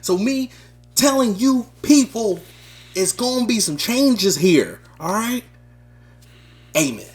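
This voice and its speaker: A man improvising a boastful male rapper campaigning for president, talking about himself and rising to shouts. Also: sits high, sing-song, slow, long pauses, exaggerated voice. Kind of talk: improvised wrestling-style promo.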